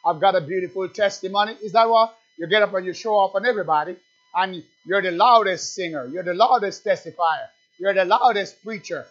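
A man preaching a sermon, emphatic and full of repeated rhetorical questions, building up to near shouting. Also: high voice, brisk, highs cut off.

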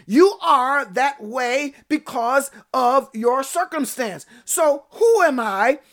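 A woman's voice: high-pitched, expressive, slow pace, a bit bright. A woman preacher delivering a fervent sermon, calling out to her congregation by name and rising to emphatic peaks.

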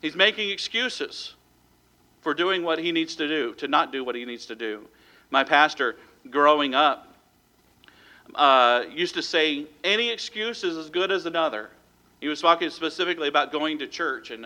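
Bright-voiced preaching pastor, man. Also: a little high, moderate pace. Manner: plain conversational preaching with quoted asides. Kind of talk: sermon.

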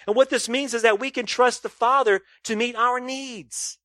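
A man delivering a sermon to his congregation, asking rhetorical questions and swinging between loud emphasis and quiet, low asides. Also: fairly even intonation, moderate pace, dry recording, clean studio sound. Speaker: pastor.

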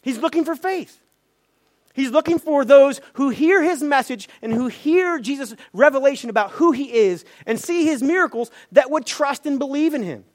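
Male pastor, very high voice, sermon delivery, asks questions and acts out quotes. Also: expressive, moderate pace.

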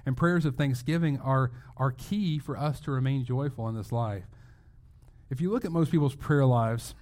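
A man's voice: mid-range voice, normal speed, darkish tone. A male pastor giving a sermon in a conversational way, asking rhetorical questions and restarting phrases as he goes.

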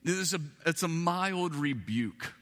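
A man's voice: on the high side, animated, a little slow, fairly bright tone, big-room sound. A man preaching an Easter sermon in a church, talking conversationally and musing aloud with self-deprecating asides. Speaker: pastor.

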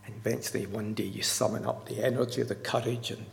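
Male preacher, gravelly, emphatic sermon delivery, recorded with long hall reverb. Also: fairly low pitch, fairly even intonation, quick pace, slight background noise. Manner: earnest, emphatic, repeats key words.

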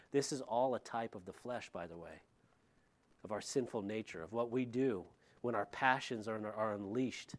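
A man, a middle-aged pastor, preaching a verse-by-verse sermon in a conversational way, with lively retelling and asides to the congregation. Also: mid-range voice. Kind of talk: expository sermon.

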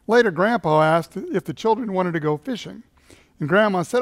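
A man's voice: a little high, unhurried. A male pastor telling a story in a sermon, chuckling at his own tale.

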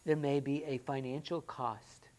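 A woman with a notably low voice preaches to a church congregation. She asks her listeners question after question, sometimes raising her voice with excitement and sometimes dropping to a quiet, earnest tone. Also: measured pace. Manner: swings from loud excited rhetorical questions to quiet earnest talk. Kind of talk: sermon.

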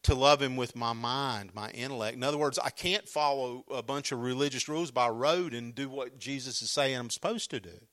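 A man's voice: medium pitch, a little fast, few pauses, a bit bright. A man preaching a sermon as pastor, earnest and emphatic, often restarting his sentences.

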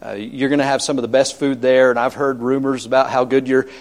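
A man's voice: medium pitch, level tone, fairly quick. A man preaching a sermon as pastor, emphatic and repetitive, telling homely stories with humor.

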